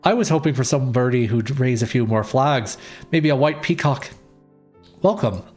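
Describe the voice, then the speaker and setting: A man's voice: medium pitch, fairly quick, darkish tone. Streamer: a man with a middle voice reading a game aloud, light music under him. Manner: playful, reads all characters. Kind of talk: reading a visual novel aloud.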